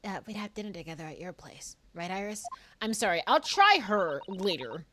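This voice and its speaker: A woman voicing a young, scrappy street girl from London with a put-on cockney accent, telling her story in quick, nervous bursts. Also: mid-range voice, very animated, noisy background, lightly acted.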